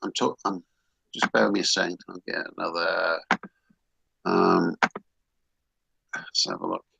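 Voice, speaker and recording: A man's voice: sits low, big pitch swings, a little slow, gravelly, pushed and bright, slightly rough, poor audio. A man hosting a casual online talk show, chatty and rambling, with frequent restarts. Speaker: host.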